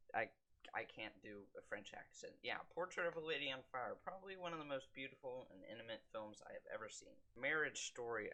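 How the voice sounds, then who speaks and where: A young man reviewing films in a casual monologue, with quick wry asides and deadpan jokes. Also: mid-range voice. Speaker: film vlogger.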